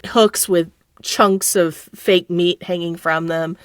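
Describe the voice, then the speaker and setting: A woman's voice: on the low side, fairly even intonation, slow, dry recording, clean studio sound. A middle-aged woman telling a story as a podcast guest, laughing often and acting out the people she quotes. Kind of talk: casual storytelling.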